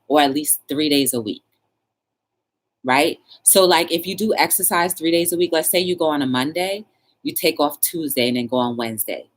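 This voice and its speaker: A woman hosting her own talk show, chatting casually and coaching a viewer with playful, animated encouragement. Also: slight background noise. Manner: animated, playful, coaching with squealing high bursts and laughs.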